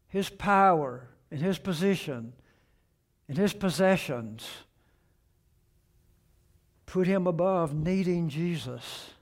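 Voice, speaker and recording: A male preacher delivers a sermon at an unhurried pace. His voice sits high for a man. He pushes the questions he quotes up in force and lets the ends of his points fall low and soft. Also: lively intonation.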